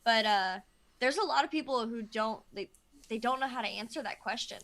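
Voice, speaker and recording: A woman therapist in a casual discussion, thinking aloud in an animated way. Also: a little high, a little fast.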